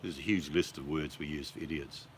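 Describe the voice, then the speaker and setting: An Australian man with a very low voice chats casually with his viewers, relaxed and talkative, throwing in swear words without a second thought. A faint hiss of background noise sits under his voice. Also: brisk.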